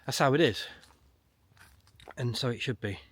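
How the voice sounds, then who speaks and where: A middle-aged man giving a solo commentary to camera, emphatic and ranting, repeating his points with long pauses. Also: medium pitch, fairly bright tone, slightly rough. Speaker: online political commentator.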